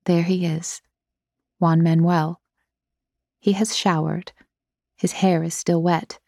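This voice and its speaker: Low-voiced woman narrating an audiobook. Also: flat delivery, slow pace, creaky, dark tone, no room sound, studio quality.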